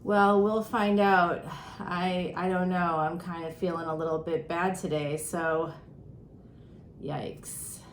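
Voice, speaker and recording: A woman's voice: little pitch movement, measured pace. Middle-aged woman tarot reader, breathless, chatty and self-deprecating, echoey room. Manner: chatty, self-mocking, with frequent laughs. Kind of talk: casual chatty monologue. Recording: roomy echo with faint rumble.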